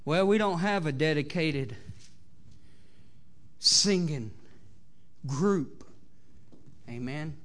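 A man with a Southern American accent preaching a sermon to a church, swinging between loud exhortation and quiet asides, often saying amen. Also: fairly high pitch, lively intonation, drawn-out words, long pauses. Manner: preachy, rising and falling between loud exhortation and soft asides, many "amens". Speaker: pastor. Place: church sanctuary.

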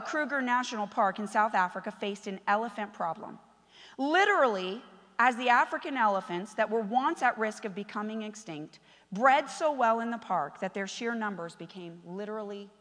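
A woman's voice: medium pitch, lively intonation, normal speed. Impassioned woman preaching in a hall. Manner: impassioned, swinging from hushed to shouted, acting out quoted voices. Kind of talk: sermon. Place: church.

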